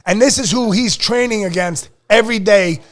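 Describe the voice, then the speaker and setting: A middle-aged man from Pennsylvania hosting a podcast, telling an emotional family story in casual chat, excitable and swearing. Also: sits high, moderate pace, slight background noise. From Lehigh Valley, Pennsylvania. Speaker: podcast host.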